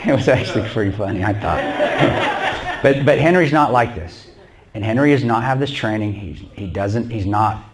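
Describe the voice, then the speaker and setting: A man giving a storytelling talk to an audience in a church. He is animated, acts out the dialogue and laughs often. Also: medium pitch, unhurried. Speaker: guest speaker.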